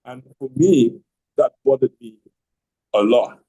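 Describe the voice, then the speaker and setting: A man's voice: mid-range voice, measured pace, mellow, husky, rough recording. A middle-aged man hosting an online call, telling a long personal story in a rambling way, often repeating words and starting over. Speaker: host telling his marriage story. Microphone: online video call.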